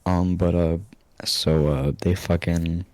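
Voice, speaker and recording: Young man, casual podcast co-host. Very low voice, dry close mic. Laughs and swears a lot. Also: level tone, slow, a little mellow, no echo. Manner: laughs often, swears a lot, jumps into high squeaky voices when quoting himself. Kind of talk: casual storytelling chat.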